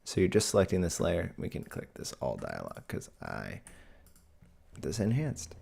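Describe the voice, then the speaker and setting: A man's voice: low-pitched, huge pitch swings, moderate pace, vocal fry, a little mellow, breathy edge. A man hosting a live video editing tutorial, talking casually and thinking aloud as he works.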